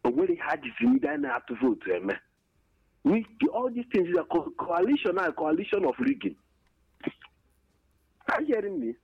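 A man with a Nigerian accent calls in to a radio show with an impassioned complaint, pleading emotionally and repeating himself. His high voice swoops wildly in pitch at normal speed, with vocal fry, a breathy edge, and frequent pauses. The recording is dry, over a muffled phone line.

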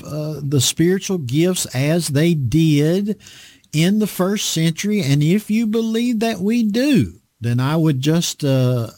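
A man preaching a Bible study, reading scripture slowly and pausing often with fillers. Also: on the high side, a little mellow, no room sound. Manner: slow, deliberate reading with frequent fillers.

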